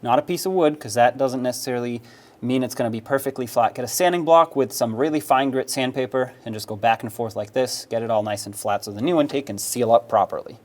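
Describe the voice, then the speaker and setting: A man's voice: mid-range voice, fast talker, darkish tone. Plain-spoken man explaining car repair. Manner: practical and step-by-step, with frequent "uh" fillers. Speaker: auto repair instructor. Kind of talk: instructional how-to narration.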